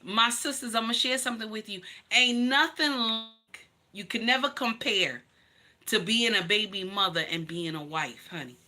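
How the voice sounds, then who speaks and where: A woman hosting a livestream talks straight to her viewers about her own life. Her voice is sharp and very bright, at a middle pitch for a woman. She tells it bluntly and with emphasis, with plenty of swearing and a steady "honey" for the listener. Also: moderate pace. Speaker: livestream host. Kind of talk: personal storytelling to viewers.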